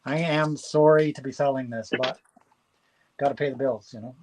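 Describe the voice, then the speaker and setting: A man with a notably high voice talks through a live auction of records from his home. His delivery is casual and chatty, and he gets excitable as he rattles off long lists. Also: fairly quick, noisy background.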